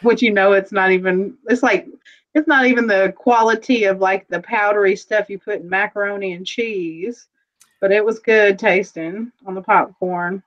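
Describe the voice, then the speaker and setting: A woman's voice: medium pitch, fairly even intonation, moderate pace, muffled recording. A woman running a live jewelry sale, chatting casually and describing each piece in detail. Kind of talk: casual live-stream selling chat.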